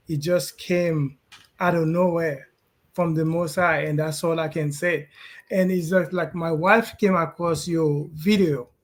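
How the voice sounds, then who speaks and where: Earnest high-voiced man. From Haiti. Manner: hesitant, many pauses and fillers, earnest. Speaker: client and guest on a live call. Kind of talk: casual testimony on a video call. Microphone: video call.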